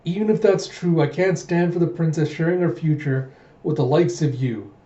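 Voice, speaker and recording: A man's voice: on the high side, moderate pace, dark tone, voice pushed up, lightly acted. A man reading as a smug young nobleman. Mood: indignant. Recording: roomy, dull home recording.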